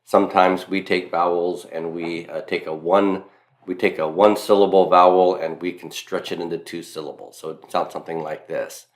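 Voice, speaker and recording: Southern male teacher, deep voice, emphatic lecture style, repeats his points. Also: steady tone, normal speed. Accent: Southern US (Mississippi). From Mississippi, US. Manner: emphatic, repeats key points, self-deprecating asides. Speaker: Latin teacher. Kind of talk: recorded grammar lecture.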